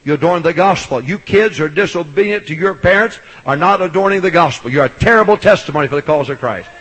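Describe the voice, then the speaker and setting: Hollering Baptist preacher, husky voice. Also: male voice, a little high, lively intonation, fast, rough recording. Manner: loud, hollering preaching with sudden shouts, then soft storytelling. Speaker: Baptist pastor. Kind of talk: sermon.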